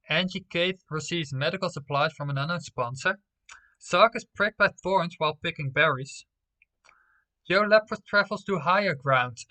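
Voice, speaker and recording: A man's voice: a little high, sharp tone. A young man streaming live, reading out game results and talking playfully to his viewers. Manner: playful, talks straight to viewers.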